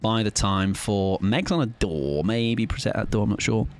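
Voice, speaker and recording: Jokey low-voiced British streamer. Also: male voice, moderate pace, music in the background. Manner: rambling, jokey, chats with viewers. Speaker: game streamer. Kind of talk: casual live-stream chat while gaming.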